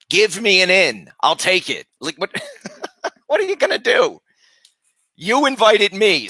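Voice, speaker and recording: Male streamer, high bright voice, brash and foul-mouthed, dry close mic. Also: dry recording. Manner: loud, profane, berating. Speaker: live streamer. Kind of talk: casual live stream chat.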